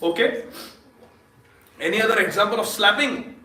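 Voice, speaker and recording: A man giving a lively storytelling sermon at a temple feast, laughing often and quizzing his audience. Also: high-pitched, moderate pace. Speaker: speaker at a temple Sunday feast. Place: temple hall. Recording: echoey hall, distant mic.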